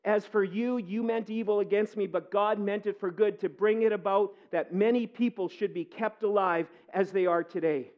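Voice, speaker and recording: A man preaching a sermon as pastor, earnest, moving between quiet reflection and impassioned pleading. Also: sits high, steady tone, moderate pace, hardly any pauses, dull audio.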